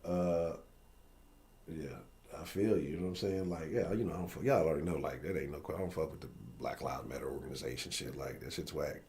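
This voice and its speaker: A man's voice: a bass voice, a little fast, gravelly, darkish tone, a little hiss or hum. A man hosting a live-stream sports talk show, ranting bluntly and profanely. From Houston area.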